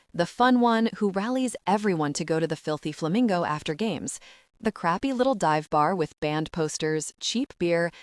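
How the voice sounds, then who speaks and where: A woman narrating a first-person romance audiobook in a lively, conversational storytelling manner. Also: fairly low pitch, no echo, clean studio sound.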